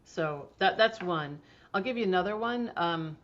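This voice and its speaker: A woman's voice: fairly low pitch, animated, normal speed, fairly bright tone. A middle-aged woman, a homeopathy practitioner, talking casually in an interview with chatty storytelling and frequent fillers. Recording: dull lo-fi sound.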